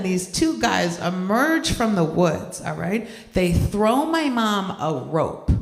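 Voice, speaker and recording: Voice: mid-range voice, very animated, slow pace, gravelly, few pauses. A young adult stand-up comedian performing live, talking conversationally, poking fun at themself and checking in with the crowd. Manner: conversational, self-deprecating, keeps checking in with the crowd. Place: event hall stage. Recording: roomy hall reverb.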